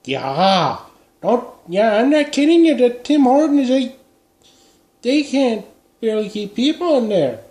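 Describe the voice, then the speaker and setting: A man's voice: very high-pitched, big pitch swings, unhurried, a little mellow, full character voice. A man playing a middle-aged Minnesotan who rambles while drinking beer, speaking with a Minnesota accent. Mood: chatty. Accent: Upper Midwest (Minnesota). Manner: rambling, meandering, trails off. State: tipsy from beer. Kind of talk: comedy character vlog. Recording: echoey room.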